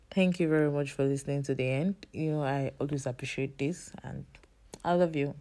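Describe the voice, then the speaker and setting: A woman's voice: low-pitched, moderate pace, darkish tone. A woman hosting a casual faith-based podcast, chatty and self-teasing, her voice a bit off today. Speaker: podcast host.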